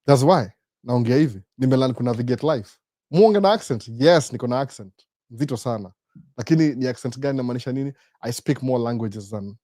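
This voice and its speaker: A man's voice: mid-range voice, no room sound. Man in his forties, dry sound. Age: 40s. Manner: mixes English and Swahili, rhetorical questions, animated. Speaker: host. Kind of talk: live Q&A talk.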